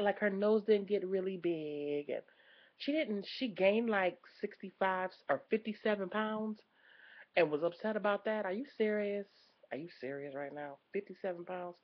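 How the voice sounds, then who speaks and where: Gossipy lady vlogger chatting, low voice swinging all over, kinda dull lo-fi sound. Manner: gossipy, teasing, sassy asides. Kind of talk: casual celebrity commentary.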